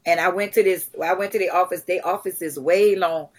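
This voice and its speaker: A middle-aged woman, an interview guest telling stories in a lively way, acting out the lines of people she quotes. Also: fairly low pitch, brisk. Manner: animated, acts out quotes, many restarts. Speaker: guest, charity founder. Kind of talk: conversational storytelling.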